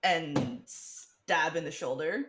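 A woman co-hosting a casual movie reaction chat, animated and laughing as she acts out scenes. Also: low-pitched, slow pace, reverberant, background noise. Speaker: podcast co-host.

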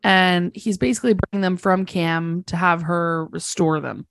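A woman's voice: on the low side, steady tone, moderate pace, vocal fry, dry recording. A woman co-hosting a podcast in casual chat, wry and laughing often. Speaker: podcast co-host. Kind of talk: casual chat recapping a TV episode.

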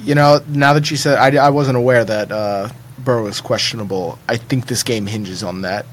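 A man's voice: medium pitch, moderate pace, slight background noise. Confident man making bold picks. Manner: confident, emphatic predictions. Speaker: podcast co-host. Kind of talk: casual sports podcast chat.

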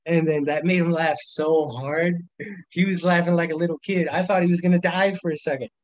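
A man's voice: fairly high pitch, steady tone, brisk, no room sound, rough recording. A young man casually telling rambling, profane stories on a podcast, laughing often as he talks. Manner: rambling storyteller, laughs a lot, lots of swearing. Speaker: podcast guest. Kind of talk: casual chat.

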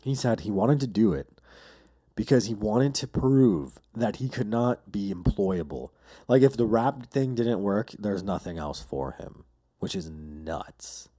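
Male podcast host, loose profane storyteller, low-ish warm tone. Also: animated, measured pace, husky. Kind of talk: casual solo podcast monologue.

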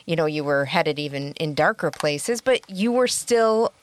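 A woman from the Midwest co-hosting a podcast, measured, steering the chat with questions. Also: sits low, expressive, a little hiss or hum. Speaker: podcast co-host. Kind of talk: casual chat.

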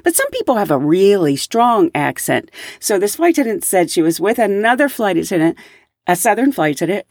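A woman who lives in the American South, hosting a podcast and telling stories in a casual, animated way, acting out the people in them. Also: lowish voice, dry recording, studio quality. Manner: animated storyteller, acts out quoted voices. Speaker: podcast host, flight attendant.

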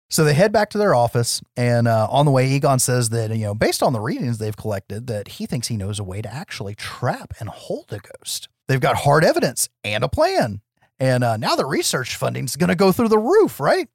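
A man's voice: mid-range voice, sing-song, brisk, no room sound, clean studio sound. A man co-hosting a podcast, recapping a film in casual chat, swearing freely and laughing often. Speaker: podcast co-host.

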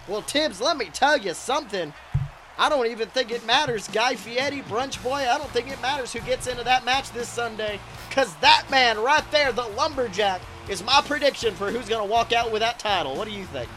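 A man voicing a crude, excitable wrestling announcer who calls the action in profane play-by-play. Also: very high-pitched, a little hiss or hum, full character voice. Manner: profane, excitable, shouts big moves. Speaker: wrestling commentator character. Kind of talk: comedic play-by-play commentary.

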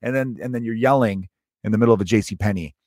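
This thirty-something comedian and podcast host talks fast in a lowish, slightly mellow voice with no echo. He wanders through a loose, foul-mouthed comic monologue, playing out small scenes and voicing the people he quotes.

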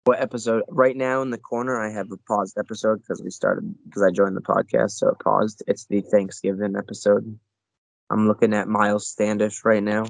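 A man's voice: on the low side, flat delivery, normal speed, gravelly, no room sound, poor audio. A man chatting casually on a podcast, rambling and searching for words as he goes. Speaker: podcast co-host.

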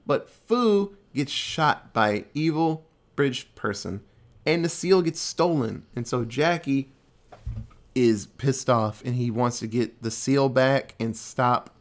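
A man talking through a movie plot in an easygoing, offhand way. He tells it loosely, packs it with fillers and curses freely. His voice sits at an ordinary middle pitch for a man. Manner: loose, animated retelling with many fillers and swearing. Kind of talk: casual movie recap.

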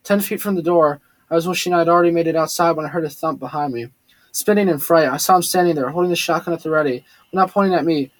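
A man reading a first-person story aloud, steady with occasional slips and restarts. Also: on the high side, quick pace, no room sound. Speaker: audiobook narrator. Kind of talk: first-person audiobook narration.

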